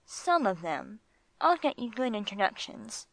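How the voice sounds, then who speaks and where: A woman's voice: fairly high pitch, sing-song, unhurried, a bit bright, no room sound, full character voice, low-quality recording. A woman voicing a polite, curious young male dog who asks careful questions in an audiobook.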